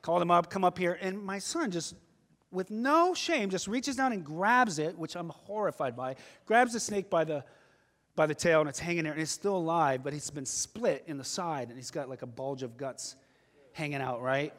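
A middle-aged man preaching a sermon, telling stories animatedly and swinging from loud outbursts to hushed asides. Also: on the high side, moderate pace. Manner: animated storytelling with sudden shifts from loud to hushed. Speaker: pastor. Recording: long hall reverb.

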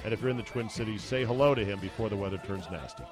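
A man's voice: on the low side, racing, over music. A man hosting a podcast, talking casually and enthusiastically into a studio mic. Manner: chatty, enthusiastic, emphatic. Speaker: podcast host. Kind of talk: casual chat.

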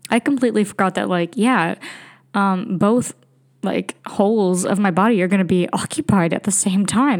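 A woman's voice: medium pitch, moderate pace. A young woman hosting a podcast, telling a candid, rambling story in casual monologue with frequent laughs and fillers. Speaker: podcast host. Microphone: home computer recording.

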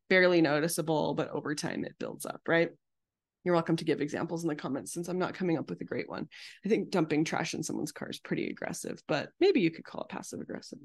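A woman therapist with a somewhat low voice talks through her teaching in an easy, conversational way. She breaks into quick acted voices when she quotes people, then drops back to plain talk. She addresses the camera directly. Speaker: psychotherapist.

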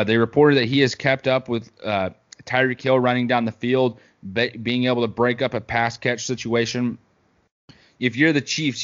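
A man at a mid-range pitch co-hosts a casual sports chat, talking football in a relaxed, rambling way. He fills his thoughts with ums and restarts. The audio is a little dull and lo-fi. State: hiccups. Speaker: podcast co-host.

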